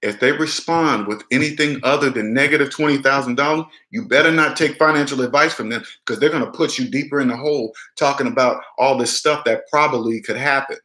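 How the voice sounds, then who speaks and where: A man talks straight to his viewers about money in a blunt, insistent way and keeps circling back to his point. His voice is bright and forceful, and the room around him sounds echoey. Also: medium pitch, brisk, hardly any pauses. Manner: emphatic, repetitive, acts out little dialogues. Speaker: personal finance vlogger. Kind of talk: casual direct-to-camera advice.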